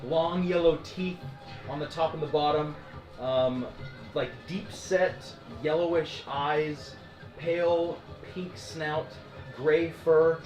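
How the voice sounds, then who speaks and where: A man narrating a tabletop game as dungeon master, animated and often laughing. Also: on the high side, slow. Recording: echoey room with music.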